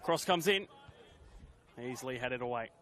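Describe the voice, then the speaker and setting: A man doing live play-by-play commentary on a football match, calling the action in brisk, clipped phrases that lift with the play. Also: medium pitch, expressive, crowd noise.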